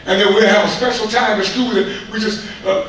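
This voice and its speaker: Man, high voice, impassioned public comment, heard from far off, faint noise. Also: steady tone, brisk, a bit bright, heavy reverb. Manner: preachy, repetitive, colloquial. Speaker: community speaker addressing a school board.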